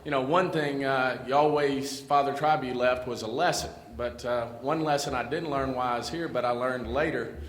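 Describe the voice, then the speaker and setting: A man's voice: medium pitch, steady tone, normal speed. A man telling a folksy school story at a tribute event, full of fillers and asides. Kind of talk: storytelling speech. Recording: echoey hall with light noise.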